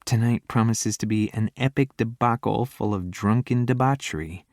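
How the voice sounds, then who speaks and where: Sassy, teasing young woman with quick comebacks, read by a male narrator. Dry studio read. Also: on the low side, a little mellow, dry recording, pitched above the performer's own voice, close to an everyday voice.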